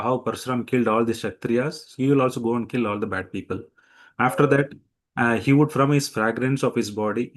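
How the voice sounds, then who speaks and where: A male teacher explaining scripture from slides with a midrange voice. He tells stories animatedly and acts out quotes. He often stops to restart sentences, with many fillers. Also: mid-range voice. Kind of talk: devotional scripture talk with slides.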